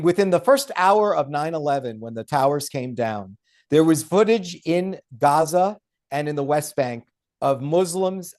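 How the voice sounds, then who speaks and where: A man speaking as the guest author on a podcast interview, emphatic and argumentative. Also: a little high. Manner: emphatic and argumentative, with mocking quoted voices. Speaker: guest author and law professor.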